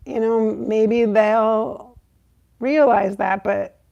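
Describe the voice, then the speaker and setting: Creaky-voiced woman venting to viewers. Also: fairly even intonation, drawn-out words, dull audio. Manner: emphatic, swearing, rising to high exclaims when reenacting. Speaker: psychic channel host. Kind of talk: casual spiritual vlog talk.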